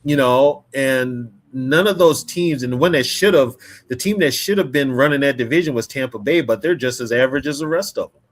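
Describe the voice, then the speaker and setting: A man's voice: medium pitch, fairly quick. Guy chatting football on a podcast, slangy, pushes his points hard. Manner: slangy, emphatic opinions. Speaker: podcast co-host. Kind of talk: casual sports chat.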